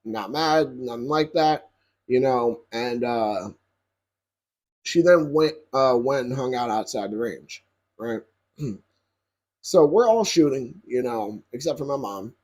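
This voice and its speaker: Husky young man telling a profane story. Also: medium pitch. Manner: profane, animated, addresses viewers directly. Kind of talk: casual storytelling to camera.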